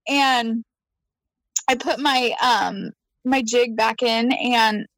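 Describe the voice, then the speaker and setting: A high-voiced woman tells a story in casual conversation. She is animated, laughs often and acts out what she said. The sound is dry and close. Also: very slow, no echo, poor audio. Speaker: guest.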